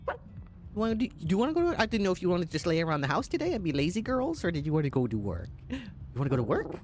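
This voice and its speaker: A man's voice: high-pitched, wildly swooping pitch, very fast. A man roleplaying a police dog handler, chatting to his dog in a doting, chatty way and laughing often. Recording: game ambience and vehicle noise behind.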